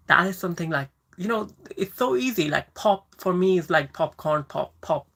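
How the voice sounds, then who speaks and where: This time her deep voice is brisk with a fairly bright tone. The chatty host, who came to the UK from abroad, runs a laid-back live Q&A, rambling through answers, reading out viewer comments, and saying hello to people by name.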